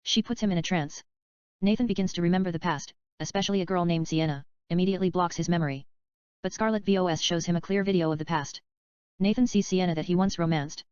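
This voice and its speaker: A woman reading a story script aloud in a plain, even manner, also reading the speaker names. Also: lowish voice, fast talker, clear, resonant tone, no echo. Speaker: audiobook reader. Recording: dull, slightly lo-fi dry recording.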